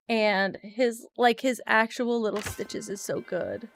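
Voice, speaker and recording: A woman's voice: fairly high pitch, measured pace, few pauses, soft background music. A woman streamer chatting casually with her chat while playing a game, laughing and apologizing often.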